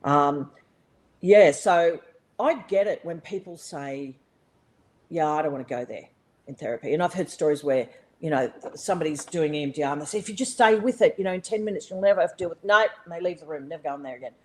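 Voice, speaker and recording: A middle-aged Australian woman speaks a little fast in a low-pitched voice, telling a personal story casually as a guest on a podcast. Animated and blunt, she curses freely amid many fillers and restarts, in a rough recording.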